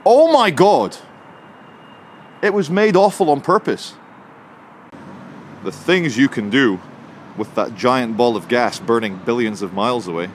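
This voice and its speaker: A man's voice: mid-range voice, lively intonation, unhurried, pauses often. Male street vlogger, sardonic and chatty, handheld camera outdoors. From England. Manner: chatty, sardonic, mocking asides. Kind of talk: walking city vlog. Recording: outdoor street noise with traffic.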